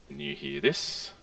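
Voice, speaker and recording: A man's voice: mid-range voice, gravelly, fairly bright tone, distant mic, poor audio. A man serving as game master, narrating a tabletop game in a loose, hesitant way full of fillers.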